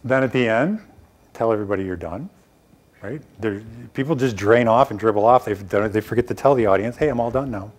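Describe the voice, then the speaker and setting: A middle-aged man speaking to a small room in a fairly low voice. He gives blunt, emphatic advice in a conversational way, tossing in quick asides as he goes. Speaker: presenter giving a workshop on scientific talks. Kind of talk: live lecture to a small audience.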